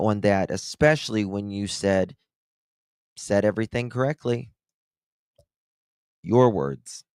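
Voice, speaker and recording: Slow, low-voiced sarcastic male commentator. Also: creaky, no room sound, clean studio sound. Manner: sarcastic, incredulous. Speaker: commentary channel host. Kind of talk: reaction commentary.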